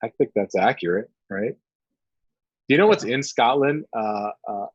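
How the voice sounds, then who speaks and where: A man co-hosting a live painting stream, talking casually in halting, joking bursts full of uhs. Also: medium pitch, breathy edge, dry recording, dull audio. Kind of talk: casual chat while painting.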